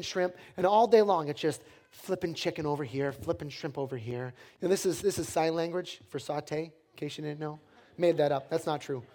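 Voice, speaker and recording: A man's voice: high voice, darkish tone. A man preaching a sermon, telling a personal story with self-deprecating humor.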